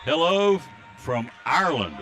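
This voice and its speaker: Bright-voiced play-by-play announcer. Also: male voice, fairly high pitch, faint music behind. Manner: rapid excited calls during fast plays, reads out listener greetings. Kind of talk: live basketball play-by-play commentary. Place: high school gym, courtside broadcast. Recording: faint crowd noise at a game.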